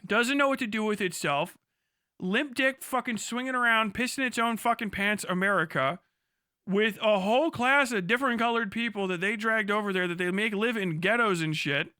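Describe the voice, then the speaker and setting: Brief: very high-pitched male streamer, bright and forceful, profane and incredulous. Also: moderate pace, clear, resonant tone, no room sound, studio quality. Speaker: livestreamer. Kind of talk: crude reaction commentary.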